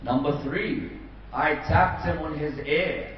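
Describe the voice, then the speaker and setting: In a big community hall, a man delivers a majlis sermon, dramatically narrating a story and acting out its characters' voices. His pitch sits in the middle range and his pace is unhurried. Captured from a distance, the audio is dull and echoey, with a little background noise.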